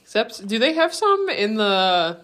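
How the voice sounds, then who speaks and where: A woman's voice: medium pitch, big pitch swings, a little slow, a bit bright. A woman co-hosting a podcast in easygoing, teasing casual chat. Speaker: podcast co-host.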